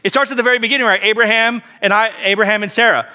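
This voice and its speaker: A man's voice: high voice, fairly even intonation, rapid-fire, sharp tone, smooth. A man preaching a sermon as pastor, telling the story emphatically and repeating key phrases.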